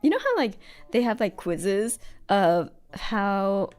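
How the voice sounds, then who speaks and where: A woman's voice: mid-range voice, big pitch swings, slow, a little mellow, faint music behind. A young American woman chatting casually on a live stream while she draws, rambling and giggling with lots of fillers.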